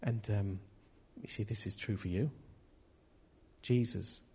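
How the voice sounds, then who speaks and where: A man's voice: fairly low pitch, fairly even intonation, slow, a little mellow, breathy edge. A man preaching a sermon in a chatty, jokey way, laughing at himself as he tells stories.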